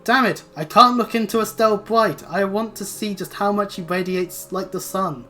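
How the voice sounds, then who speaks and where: A woman hosts a let's play, tossing sarcastic asides over the game. Her voice sits at a middling pitch and stays casual, while soft game music plays underneath. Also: normal speed. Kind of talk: casual gameplay commentary.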